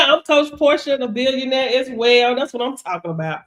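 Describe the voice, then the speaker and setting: A woman's voice: sits high, normal speed. Emphatic woman coach on a live stream. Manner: animated and emphatic, swings loud and soft, repeats phrases. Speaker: business coach. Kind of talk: casual live stream chat.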